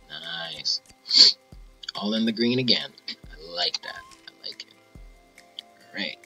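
A man's voice: low voice, sing-song, slow, pauses often, bright, forceful tone, husky, soft background music. A man casually commenting while playing a game, goofy and playful. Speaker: gamer, video creator. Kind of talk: let's play commentary.

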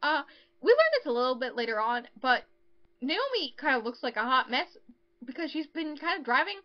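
A woman's voice: high voice, big pitch swings, fairly quick, highs cut off. A woman co-hosting a podcast, casually recapping a novel's plot with lots of fillers and acted-out lines. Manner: chatty, lots of ums, acts out characters' lines. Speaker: podcast co-host.

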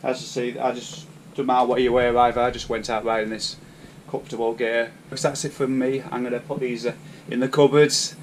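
A man's voice: mid-range voice, little pitch movement, a little fast. A man from the UK talking casually through his shopping haul in a cycling vlog, rambling with many hesitations. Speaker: cycling vlogger. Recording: distant mic, faint background noise.

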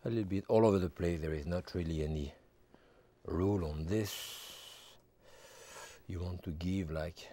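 A man working as a TV chef, walking through a cooking demonstration step by step and adding relaxed asides as he goes. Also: deep voice, normal speed, pauses often. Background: background music.

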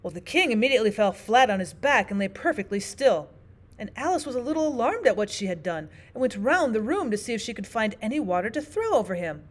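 Woman, teacher, audiobook narration, animated, higher voice. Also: quick pace. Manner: expressive, sing-song storytelling. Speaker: teacher reading aloud.

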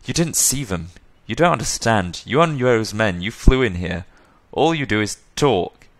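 A man's voice: lowish voice, lively intonation, moderate pace, dry recording, pitched above the performer's own voice. A man voicing a frightened, shaken young woman, the daughter of a wealthy man. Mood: bitter. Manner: shaken, pleading.

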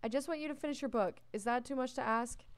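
A woman's voice: sits high, quick pace, dry recording. A young woman giving casual, chatty gameplay commentary as a let's play host, talking to the characters on screen and yawning often. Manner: chatty, talks to the game characters. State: yawning a lot.

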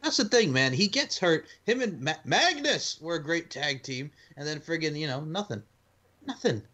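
Male co-host, higher bright voice, lively and mocking, cusses freely. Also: normal speed. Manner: animated, mocking, swears freely. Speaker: podcast co-host. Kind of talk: casual wrestling podcast chat.

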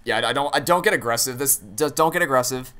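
A man's voice: medium pitch, quick pace, background noise. Man, gaming commentary, hesitant restarts, mid-range voice, swears casually, faint keyboard clicks behind. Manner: hesitant, stammering restarts, thinking aloud. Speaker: let's play gamer.

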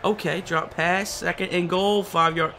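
A young man giving excited, animated commentary over his own football video game, shouting and laughing at the big plays. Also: sits high, unhurried, soft background music. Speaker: gaming YouTuber.

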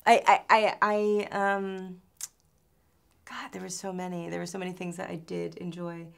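A woman's voice: lowish voice, little pitch movement, normal speed, gravelly, clean tone. A woman from New York in her thirties, an actress answering interview questions in a chatty way, full of fillers and restarts.

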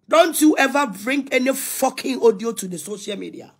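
A woman's voice: a little high, lively intonation, normal speed, hardly any pauses, husky. A middle-aged Ghanaian woman ranting on social media, defiant and scolding, repeating herself as she mixes languages. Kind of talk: ranting live video.

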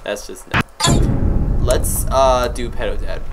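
A man giving excitable, joking gameplay commentary, swearing and yelling at the game. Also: fairly high pitch, slow, long pauses, a little hiss or hum, rough recording. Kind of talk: let's play commentary.

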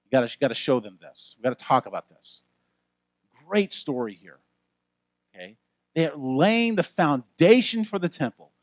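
Animated man preaching a sermon. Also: on the high side, no echo. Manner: animated, conversational preaching with frequent asides. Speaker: pastor. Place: church.

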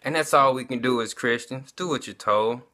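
A man tells his testimony in a relaxed, conversational way, often calling out to his listeners as y'all. His voice is bright and forward, set at an average pitch for a man. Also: normal speed. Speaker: vlogger giving a testimony. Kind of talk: casual personal testimony.

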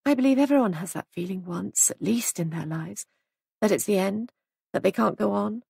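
A gentle young woman, as a woman reading aloud plays her, calm and reassuring. Her voice sits a little higher, with a husky, gravelly grain. It sounds close and dry. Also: moderate pace, dry recording, exaggerated voice.

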